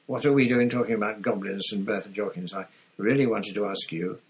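A man voicing a jittery, ingratiating middle-aged wizard official who keeps lowering his voice to confide, in an audiobook reading. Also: fairly even intonation, fairly quick, slightly rough, poor audio. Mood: coaxing.

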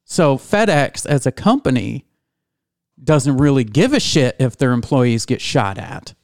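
A man's voice: medium pitch, expressive, a little slow, no echo, clean studio sound. A man co-hosting a casual radio talk show, laid-back and teasing. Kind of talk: casual podcast chat.

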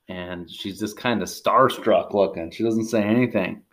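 A man in his forties reading a graphic novel aloud with a child, expressive and chatty, asking questions. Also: fairly low pitch, normal speed, few pauses. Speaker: reading tutor.

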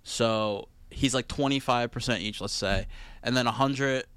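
A young man chats as a podcast host, hesitant and often defensive, with plenty of restarts. His voice sits at an ordinary pitch. The sound is dry and close. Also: unhurried, fairly bright tone, smooth, dry recording. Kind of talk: casual chat.

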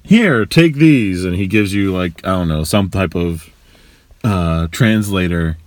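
A man's voice: deep voice, steady tone, measured pace, no room sound. A man co-hosting a podcast, riffing on jokey ideas and acting out little bits of dialogue. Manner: riffing, jokey, acts out silly voices. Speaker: podcast co-host. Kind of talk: casual chat.

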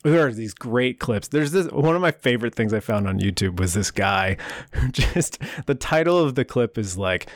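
Man, casual podcast chat, lively storyteller, frequent laughter, dry close recording. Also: medium pitch, moderate pace, dry recording. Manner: animated storyteller, laughs often.

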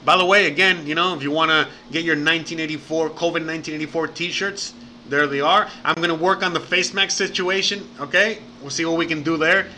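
Male livestream host, slightly high and very bright voice, loose and profane delivery. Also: steady tone, a little fast, slight background noise. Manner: rambling and profane, says bro and man often. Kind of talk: casual livestream chat.

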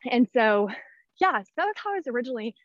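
A woman's voice: fairly high pitch, very animated, quick pace, no echo. A woman in her thirties, out of breath, chatting casually as a podcast guest with lots of fillers and restarts. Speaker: guest, personality-type teacher. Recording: dull, dry lo-fi sound.

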